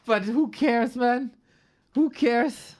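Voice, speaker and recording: A man casting a live esports stream, excitable and exclamatory, swearing freely. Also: very high-pitched, drawn-out words. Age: adult, long-time caster. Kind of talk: live stream game commentary.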